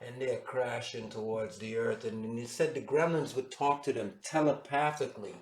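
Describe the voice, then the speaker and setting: A man's voice: medium pitch, moderate pace, a little hiss or hum. Man lecturing in an echoey room. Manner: animated, dramatic retelling. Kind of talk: storytelling lecture.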